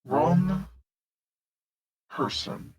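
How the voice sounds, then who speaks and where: A man's voice: sits high, animated, extremely slow, a little mellow, breathy edge, pitched above the performer's own voice, full character voice. A man voicing a furious, fiery-tempered leader on a ship who makes curt, menacing demands. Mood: cold.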